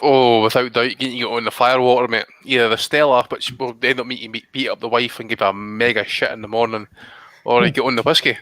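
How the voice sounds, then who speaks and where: A man's voice: mid-range voice, little pitch movement, fast, a bit bright, dry recording. A man telling rowdy, profane drinking stories in casual live-stream banter. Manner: boisterous, sweary storyteller. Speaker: regular panelist.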